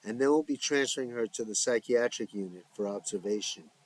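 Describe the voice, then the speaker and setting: A man voicing a brisk, matter-of-fact doctor in the emergency room. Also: mid-range voice, natural voice. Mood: businesslike. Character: brisk professional male doctor.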